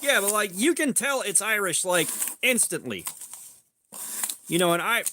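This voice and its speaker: A man with a high, bright voice hosts a casual livestream. He rambles loosely, leans on "like" and swears freely, and breaks off to greet chat viewers by name. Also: animated, normal speed, slight background noise. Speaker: livestream host.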